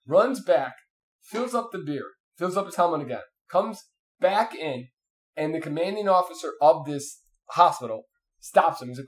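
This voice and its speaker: A man's voice: a little high, normal speed. A man in casual chat, telling a long story with lots of fillers and restarts. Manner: rambling, animated, many fillers and restarts.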